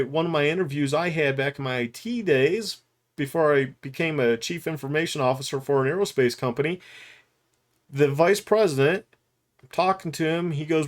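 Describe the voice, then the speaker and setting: Middle-aged guy rambling to his camera, kinda high-ish voice, candid and a bit stumbly. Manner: rambling and candid, with frequent restarts and laughs. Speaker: YouTube commentator. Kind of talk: unscripted talking-head commentary.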